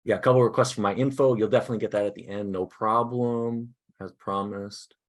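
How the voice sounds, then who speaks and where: A man presenting a teacher workshop over a video call, upbeat and self-deprecating, talking casually in halting starts from his desk. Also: lowish voice, steady tone. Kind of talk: casual online workshop talk. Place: indoors at a desk.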